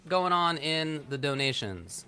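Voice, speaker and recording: A man's voice: fairly high pitch, big pitch swings, unhurried, sharp tone, clean tone, soft background music. A man commentating a fighting game tournament stream, chatty and joking as he runs the donation segments. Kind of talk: esports commentary.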